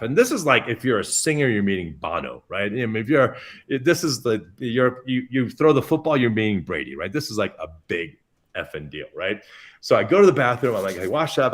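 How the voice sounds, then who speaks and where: Animated middle-aged man telling a story. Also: on the low side. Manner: lively, expressive storyteller, acts out quotes. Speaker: guest chef. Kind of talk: animated storytelling in podcast interview.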